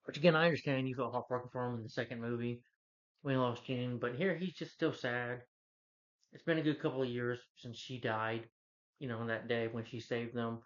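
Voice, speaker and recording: Male reviewer, mid-pitched, talky and rambling, dull lo-fi sound. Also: steady tone, brisk. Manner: rambling, restarts, hums the score and quotes lines. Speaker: movie reviewer. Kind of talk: casual rambling movie review.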